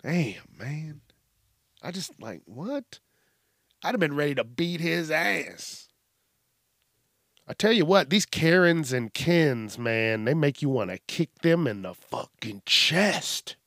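A man's voice: on the high side, animated, slow, a bit bright, no room sound, clean studio sound. A man hosting a podcast, ranting bluntly in a casual, profanity-heavy style. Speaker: podcast host.

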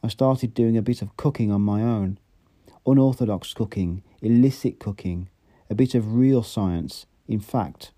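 A man's voice: fairly low pitch, mellow. A man voicing a sardonic world-weary controller. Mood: measured. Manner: measured, dry and sarcastic.

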